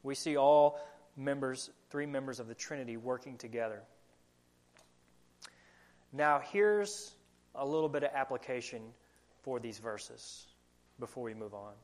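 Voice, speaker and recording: A man's voice: mid-range voice, unhurried, long pauses, a little mellow. A young adult man with a country accent preaching a sermon as pastor, earnest and asking the congregation questions. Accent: American Southern country.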